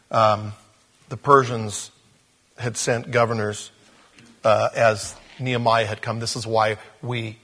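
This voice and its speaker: Middle-aged male pastor, husky, conversational humorous sermon. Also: mid-range voice, a bit bright. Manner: conversational and humorous, with acted quotes and laughs.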